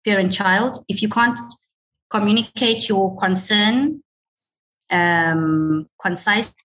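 Measured woman consultant talking. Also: medium pitch, fairly bright tone, a little hiss or hum. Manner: measured, repeats words while gathering thoughts. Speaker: workplace and career consultant guest. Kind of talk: conversational interview answers.

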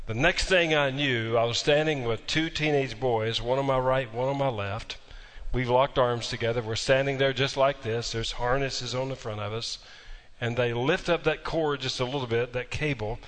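A man's voice: medium pitch, steady tone, moderate pace, few pauses, fairly bright tone, in a large hall. A man preaching a sermon as pastor, telling a humorous story before moving into emphatic preaching.

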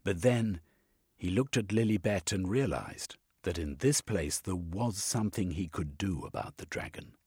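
A man narrating an audiobook with a husky voice. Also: low voice, normal speed, a little mellow, no room sound, clean studio sound. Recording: faint music underneath.

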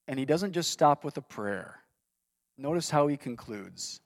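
A man's voice: fairly high pitch, lively intonation, a little slow, dry recording. A man preaching a sermon in an earnest way, reading scripture aloud with rising intensity. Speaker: pastor.

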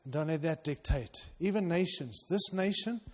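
A male pastor preaching a sermon to his church, urging loudly at times and dropping to quiet intensity at others. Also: on the high side, animated, moderate pace. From outside the United States. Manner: impassioned, swings between loud urging and quiet intensity. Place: church hall. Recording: long reverb of a large hall.

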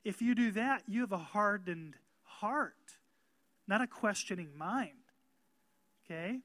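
A man's voice: sits high, slow pace, no echo. Emphatic male pastor preaching. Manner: emphatic preaching with call-and-response amens; grows louder and more animated. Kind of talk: sermon.

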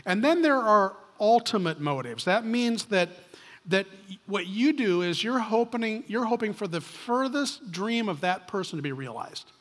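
A man's voice: sits high, animated, a little slow, a bit bright. A man preaching a sermon from a church stage, telling stories in a conversational way with frequent restarts. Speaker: pastor. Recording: long hall reverb.

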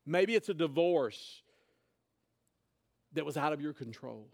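A man's voice: on the high side, animated, unhurried, creaky, darkish tone. A man preaching a sermon, retelling a scripture story in casual, conversational words. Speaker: pastor.

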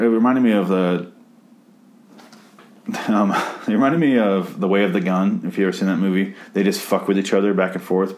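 A young man rambling through a sarcastic, profane recap of a TV episode. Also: sits low. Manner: rambling, sarcastic, swears a lot.

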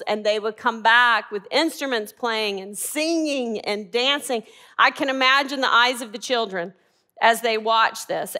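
A woman's voice: on the high side, fairly bright tone. A woman teaching a Bible class, asking the group questions and answering them herself.

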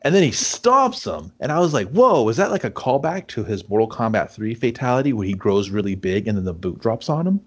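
Ranting, foul-mouthed man with a lively voice. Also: fairly low pitch, a little fast, few pauses. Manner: ranting, profane, laughs often, mock voices. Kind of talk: casual movie chat.

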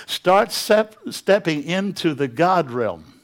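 A male pastor preaches a sermon with impassioned, dramatic storytelling. His voice sits fairly high for a man and swells as he drives his points home. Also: animated, very slow.

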